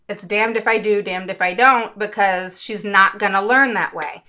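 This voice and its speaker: A woman's voice: medium pitch, sharp tone. A middle-aged woman, a parent advocate hosting her own show, talking candidly and emotionally to her viewers in a casual, chatty way. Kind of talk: casual vlog talk to viewers.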